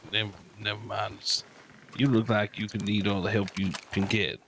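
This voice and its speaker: A man's voice: fairly low pitch, level tone, moderate pace, a bit bright, slight background noise. A man roleplaying a Western gunslinger, talking in a laid-back drawl. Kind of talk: in-character roleplay chat.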